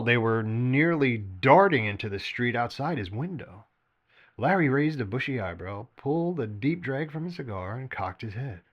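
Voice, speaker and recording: A man reads his own fiction aloud as a storyteller. His delivery is expressive and animated, with pitch that rises and falls freely. Now and then he slips and restarts a phrase. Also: husky, dull audio. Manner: lively, expressive reading with occasional slips and restarts. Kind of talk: story narration read aloud.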